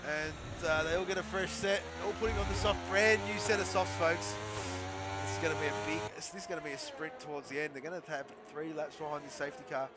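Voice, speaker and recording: A young man giving chatty, excitable live commentary on an online racing league, laughing often and talking to viewers in chat. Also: a little high. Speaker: esports race commentator.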